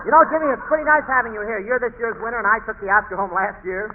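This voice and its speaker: A man's voice: high-pitched, lively intonation. Wisecracking man hosting old radio comedy. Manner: quick wisecracking, self-mocking. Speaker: comedian host. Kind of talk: 1940s radio comedy banter. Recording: tinny hissy 1940s radio broadcast.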